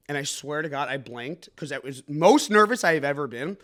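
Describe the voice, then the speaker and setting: A young adult man hosting a comedic news podcast, riffing sarcastically with an energetic, mock-announcer delivery. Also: a little high, a little fast, hardly any pauses. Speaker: comedy news show host.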